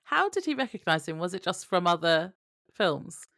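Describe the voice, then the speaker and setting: A woman's voice: fairly low pitch, big pitch swings, normal speed, fairly bright tone. A woman co-hosting a podcast in casual chat, laughing often as she shares behind-the-scenes trivia. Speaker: podcast co-host.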